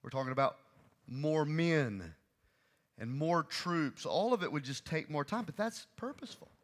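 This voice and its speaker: A male preacher delivering an emphatic sermon, repeating key phrases and swinging between loud and soft. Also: a little high, expressive, moderate pace.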